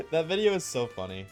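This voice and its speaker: A man's voice: on the high side, darkish tone. A man streaming live, chatting casually and joking with his viewers, often laughing.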